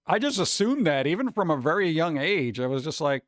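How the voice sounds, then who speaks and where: A man's voice: on the high side, lively intonation, fairly quick, few pauses, dry recording, clean studio sound. A man chatting casually with viewers on a live stream, rambling, humming and scatting to himself, his throat a little sore.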